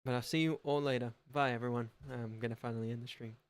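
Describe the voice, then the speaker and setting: A young man signing off his gaming livestream, rambling and self-deprecating, often trailing off into quieter mumbles. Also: medium pitch, steady tone, fast, smooth. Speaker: gaming streamer. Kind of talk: casual livestream sign-off chat.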